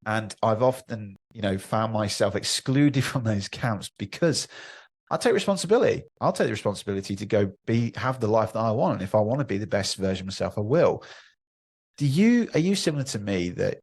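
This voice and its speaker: A man's voice: lowish voice, animated, fairly quick, a little mellow. A man, hosting a podcast, talking earnestly and reflectively about himself in casual chat. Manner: earnest, self-reflective, trails off and restarts. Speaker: podcast host.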